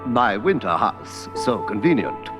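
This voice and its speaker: An actor playing a crafty gentleman fox in a vintage storybook record, oily and overly courteous. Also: on the low side, very animated, measured pace, in a large hall. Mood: smooth. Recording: old record with faint orchestral music.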